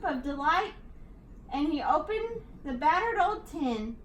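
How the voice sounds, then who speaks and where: A woman teacher reading a rhyming picture book aloud to her class in a slow, rhythmic way. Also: high voice, expressive. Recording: echoey room, distant mic.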